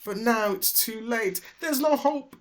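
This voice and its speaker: Storybook donkey voiced by a man: old, small and wonky, high wailing voice, loud brays. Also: unhurried. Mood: crying. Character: small old wonky female donkey, earnest, easily discouraged.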